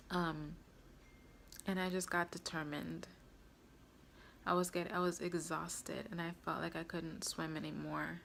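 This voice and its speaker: A woman's voice: lowish voice, little pitch movement, slow pace, creaky, pauses often, a little hiss or hum. A woman vlogger earnestly recounting a personal story to camera, with frequent fillers.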